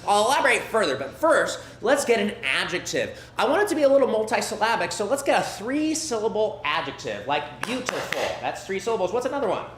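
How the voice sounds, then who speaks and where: Lively man hosting a live comedy show. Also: high-pitched, a little fast, few pauses. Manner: upbeat, loud crowd-warming calls. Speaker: host of improv show. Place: theatre stage with live audience. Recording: echoey room, noisy audience.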